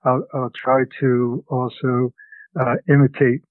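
An older man, a scholar and guest, telling a story slowly and haltingly in an interview over a remote call. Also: mid-range voice, flat delivery, dry recording. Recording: phone-like line.

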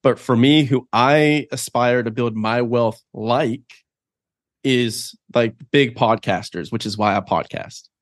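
A man's voice: medium pitch, slow pace, no echo, clean studio sound. Casual, rambling male podcast guest. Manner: casual, rambling, many "like" fillers. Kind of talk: podcast interview.

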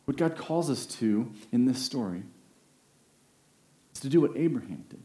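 A man preaching a sermon, earnest, rising to emphatic peaks and slowing down on key phrases. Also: medium pitch, animated, mellow. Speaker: pastor. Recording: roomy echo.

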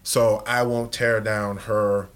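Low-pitched male co-host, measured and reflective, casual podcast chat. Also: level tone, a bit bright.

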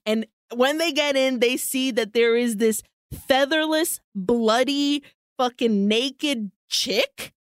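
A woman co-hosting a podcast, retelling a horror film plot in an animated, profane way. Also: sits high, slow pace, no room sound. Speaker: podcast co-host.

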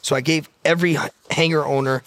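A man telling a story in a casual, profane, fast-talking way, often quoting what others said. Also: fairly high pitch, steady tone, a bit bright. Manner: profane, fast-talking anecdote with quoted dialogue.

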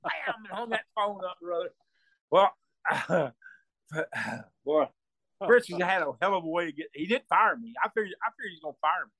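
With a high voice, a moderate pace and long pauses, a man rambles through a casual story as a storyteller guest, laughing and repeating himself. He performs quoted voices at full volume, and the recording has no echo.

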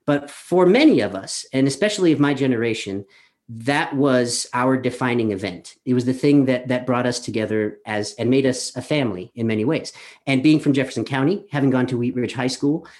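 A man's voice: mid-range voice, brisk, a little mellow. A man in his thirties from Colorado, telling a personal story live over a video call from his apartment, chatty and self-deprecating with plenty of fillers. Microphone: webcam on a video call.

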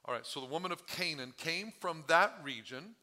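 A man's voice: on the high side, expressive, moderate pace, pushed and bright. A male pastor preaching a sermon, his voice strained from overuse, talking with the congregation and asking them questions. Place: church sanctuary.

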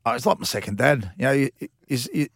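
A gravelly-voiced Australian man in his fifties spins long, slangy stories from his playing days. His voice sits at an average pitch with a rough, fry-laden edge. The sound is close and dry, with no room around it. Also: expressive, fast talker, fairly bright tone, no room sound. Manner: rambling anecdotes, blokey slang. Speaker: former rugby league player, guest. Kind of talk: casual storytelling interview.

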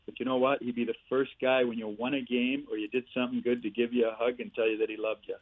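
A man's voice: mid-range voice, fast talker. Older man telling stories by phone. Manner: lively storyteller, chuckles through punchlines. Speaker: guest, former hockey player and coach. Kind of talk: casual anecdote-telling. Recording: tinny phone line, dry.

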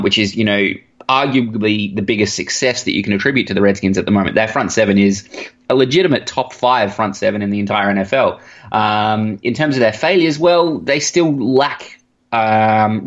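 Australian man on a dull remote line. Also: fairly low pitch. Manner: measured, many ums. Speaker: guest analyst. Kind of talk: podcast interview answer.

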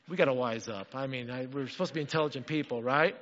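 A man preaching a sermon as pastor, animated and acting out the voices in the story. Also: fairly high pitch, rapid-fire, few pauses, in a large hall, lo-fi sound. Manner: animated, acts out quotes.

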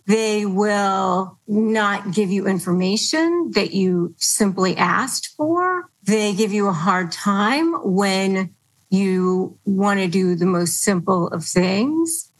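A woman's voice: mid-range voice, low-quality recording. A woman hosting an advice podcast, explaining in an earnest, patient way and quoting phrases as examples. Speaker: podcast host.

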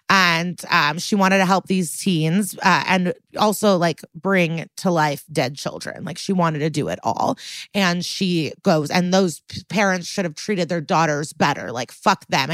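Blunt, low-voiced woman podcast co-host. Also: no echo. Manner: animated, blunt, swears freely, many likes and ums. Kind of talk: casual recap chat.

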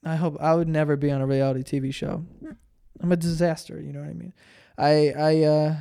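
A man's voice: fairly high pitch, flat delivery, brisk, creaky, dark tone, clear, resonant tone. A young man hosting a solo podcast, ranting profanely and mocking people in put-on voices. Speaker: podcast host. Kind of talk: solo comedic podcast rant with ad read.

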